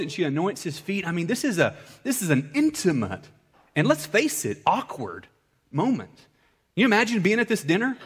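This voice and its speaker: A male pastor preaching a sermon, swinging between loud, high-pitched bursts and hushed, low-voiced passages. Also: breathy edge.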